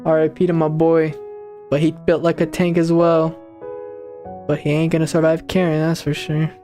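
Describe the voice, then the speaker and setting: A man casually commenting on a game he plays for the first time, reading its lines aloud and bursting into slangy, excitable reactions. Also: a little high, normal speed, soft background music. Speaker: gaming channel host.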